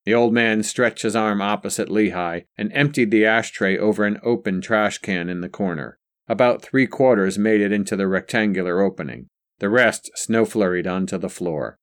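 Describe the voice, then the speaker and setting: A man reads a story aloud in a measured, even way. His voice sits low and steady through the narration. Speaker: audiobook narrator. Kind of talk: scripted narration.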